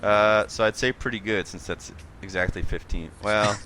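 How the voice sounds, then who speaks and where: A man with a low voice and a forceful, bright edge runs a tabletop game as game master. He talks in a loose, halting way, full of fillers, and calls for rolls. Faint noise sits under his voice. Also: steady tone.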